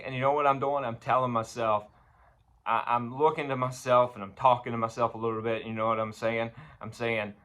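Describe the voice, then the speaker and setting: A man preaching a morning sermon, halting with many fillers and growing louder as he reads scripture. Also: medium pitch, flat delivery.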